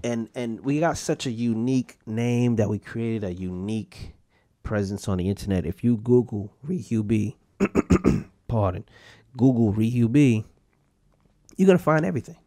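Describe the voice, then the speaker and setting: A man's voice: mid-range voice, unhurried, dark tone, no room sound, clean studio sound. A man hosting a podcast, talking in a rambling, self-mocking solo rant. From United States. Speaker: podcast host. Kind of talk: casual solo podcast monologue.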